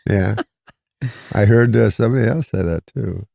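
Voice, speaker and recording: A male comedian telling a rambling anecdote in a deadpan, halting way, chuckling and restarting as he goes. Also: on the low side, creaky, no echo, clean studio sound. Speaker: comedian guest.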